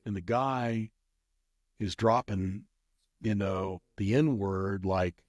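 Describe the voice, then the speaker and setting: A man's voice: lowish voice, very slow, darkish tone, no echo, clean studio sound. A man telling a rambling casual story as an interview guest, with many restarts. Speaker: guest, craps player.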